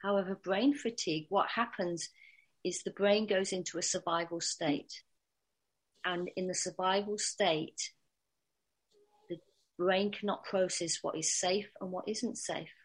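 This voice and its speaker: A woman calmly explaining dog training, speaking in an instructional way with small restarts. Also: lowish voice, unhurried, breathy edge. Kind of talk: spoken instruction.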